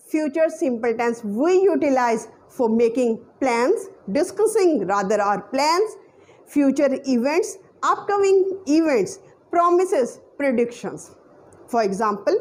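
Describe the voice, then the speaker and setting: A high-pitched woman with a Pakistani English accent leads a grammar lesson. She speaks at an unhurried pace and repeats her example sentences so learners can follow. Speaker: English teacher.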